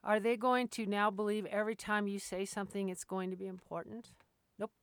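Woman dog trainer, casual how-to talk, smooth clear tone, dry close sound, acts out quotes. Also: mid-range voice, level tone, brisk, dry recording. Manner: plainspoken, acts out dog and owner voices, laughs often.

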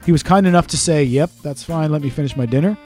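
Fast-talking man telling stories. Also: a little high, darkish tone, faint music behind. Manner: fast, swearing storyteller who acts out quotes. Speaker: podcast co-host. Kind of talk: casual podcast chat.

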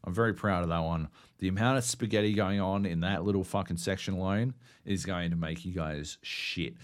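A man co-hosting a gaming podcast, telling stories in a loud, sweary, mock-indignant way. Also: sits low, fairly even intonation, fairly quick. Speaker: podcast co-host. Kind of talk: casual chat.

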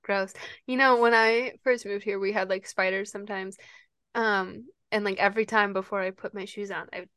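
A woman's voice: medium pitch, steady tone, normal speed, fairly bright tone, no room sound, studio quality. A woman co-hosting a podcast in casual chat, reacting with short interjections and giggles. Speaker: podcast co-host.

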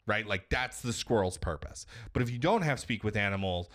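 A man on a podcast, casually retelling a video game story in an animated, profane way. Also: fairly low pitch, brisk, hardly any pauses. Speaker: podcast co-host.

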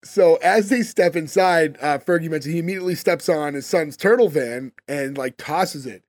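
A man's voice: a little high, moderate pace, a little mellow, dry recording. A man hosting a casual podcast, recapping scenes and asking puzzled questions. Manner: puzzled, questioning, many "like" fillers. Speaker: podcast host. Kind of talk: casual chat, recapping an episode.

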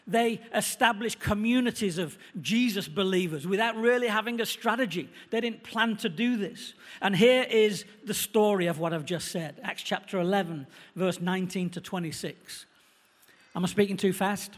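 Preacher, male, middle-aged, Manchester accent, brisk chatty delivery, fairly high voice, echoey church hall. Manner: quick, conversational preaching, slowing for emphasis. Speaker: visiting pastor. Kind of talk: sermon.

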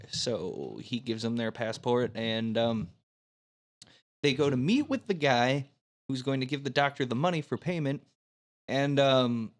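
A man's voice: mid-range voice, animated, normal speed. Laughing man recapping a movie. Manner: laughs often, recounts plot with filler words. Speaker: podcast host. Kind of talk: casual movie recap chat.

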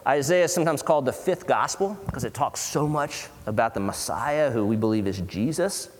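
A man preaching a sermon as pastor, earnest and conversational, with dramatic pauses and acted-out quotes. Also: mid-range voice. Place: church hall. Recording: long hall reverb.

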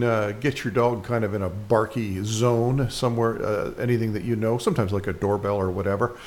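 Dog trainer, male, lowish voice, casual and conversational, full of ums and restarts. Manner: conversational, with frequent fillers and restarts. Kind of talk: casual instructional commentary.

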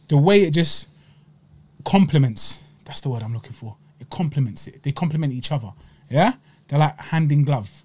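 Slangy man, slightly high voice. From Egypt. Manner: chatty, slangy, animated. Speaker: podcast host. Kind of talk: casual chat, food review.

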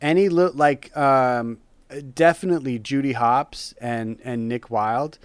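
A man chatting casually as a podcast co-host, his voice smooth and resonant. He talks with eager enthusiasm, sometimes circling back on his words. The sound is close and dry. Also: mid-range voice, measured pace, no room sound. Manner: enthusiastic, rambling with restarts. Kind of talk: casual chat.

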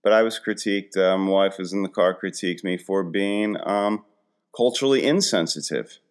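A man's voice: sits low, normal speed, smooth. A man in his forties hosting a casual comedic monologue, rambling and poking fun at himself. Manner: rambling, self-deprecating storytelling.

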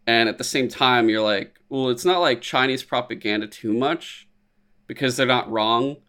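A man chatting casually as a podcast co-host, animated and profane, acting out quotes in silly voices. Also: medium pitch, moderate pace. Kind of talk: casual chat.

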